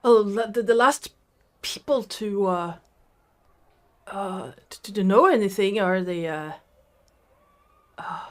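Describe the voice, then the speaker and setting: Slow, halting woman at a tabletop game. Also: medium pitch. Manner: halting, full of fillers and restarts. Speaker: player voicing a dockside local. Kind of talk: improvised tabletop role-play.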